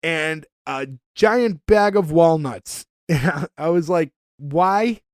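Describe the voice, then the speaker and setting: A man's voice: a little high, slow pace, no echo. Rambling man recapping, dry close mic. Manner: rambling, with frequent "uh" and repeated words. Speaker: podcast co-host. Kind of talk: casual episode recap chat.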